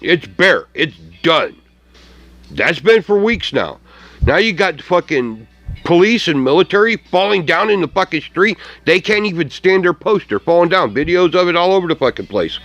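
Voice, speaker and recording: Ranting man with a lively pitch. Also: normal speed, dry recording, faint music behind. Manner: angry, mocking, laughs often, heavy swearing. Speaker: vlogger. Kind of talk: profane rant to camera.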